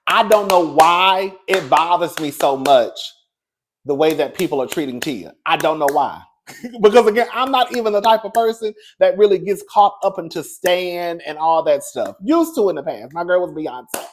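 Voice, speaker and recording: A man giving casual celebrity gossip commentary, chatty and sassy, calling his viewers "girl" and swinging from low murmurs to high excited bursts. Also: moderate pace, slight background noise.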